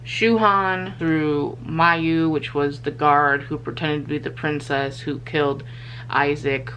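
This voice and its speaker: A woman's voice: low-pitched, takes it slowly, slight background noise, low-quality recording. A young woman vlogging to a handheld camera at home late at night, gushing and swearing about a book while tired. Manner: gushing, excitable, swears freely.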